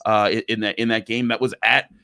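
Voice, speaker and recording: A man's voice: on the low side, level tone, fairly quick, vocal fry, sharp tone, clear, resonant tone, no room sound, clean studio sound. A man hosting a sports podcast, talking conversationally with frequent stammered restarts. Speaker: podcast host. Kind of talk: casual sports podcast chat.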